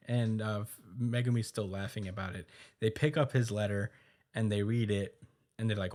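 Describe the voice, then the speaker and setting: A man co-hosting a podcast, casually recapping a manga chapter with lots of fillers and quick quoted asides. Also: on the low side, steady tone. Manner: loose, filler-heavy retelling with quick quoted asides and laughs.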